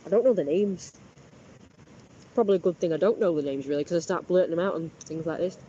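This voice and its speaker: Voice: medium pitch, quick pace, mellow. Person vlogging by a canal, boastful rambly chat, kinda dull sound, faint outdoor noise. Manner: chatty, boastful, wandering. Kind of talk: casual rambling monologue. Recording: slightly muffled outdoor recording, faint background.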